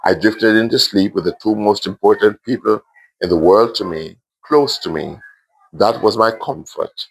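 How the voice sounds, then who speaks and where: A Jamaican man gently reading his own emotional story aloud to a primary school class, adding asides. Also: fairly low pitch, moderate pace, gravelly, husky.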